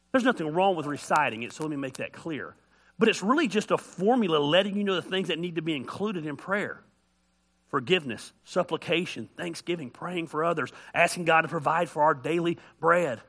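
Animated pastor, bright voice. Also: male voice, on the high side, moderate pace. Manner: animated storytelling, acts out voices; folksy, joking. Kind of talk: sermon.

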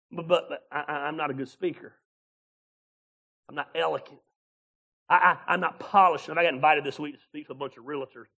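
High-voiced pastor preaching, folksy and animated, laughs a lot and plays out little scenes. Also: male voice, fairly quick, vocal fry, pauses often. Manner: animated preaching, acts out voices of God and Moses. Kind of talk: sermon.

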